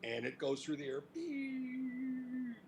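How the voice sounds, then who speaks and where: A middle-aged man from Cleveland, telling stories in a casual interview, animated and profane, laughing as he talks. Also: very high-pitched, slow pace, a little hiss or hum, poor audio. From Cleveland, United States. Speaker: interview guest, music industry veteran.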